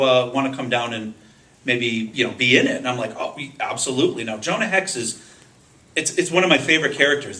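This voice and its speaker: A man's voice: medium pitch, pushed and bright, low-quality recording. A man on a convention panel eagerly telling a personal story with self-deprecating humor, quoting the people in it. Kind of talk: casual storytelling to a panel audience.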